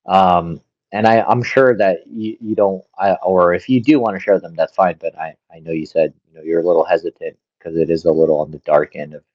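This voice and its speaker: A man hosting a live audio chat, relaxed and affirming as he passes the turn to speakers. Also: sits low, brisk, no room sound. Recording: dull dry phone audio.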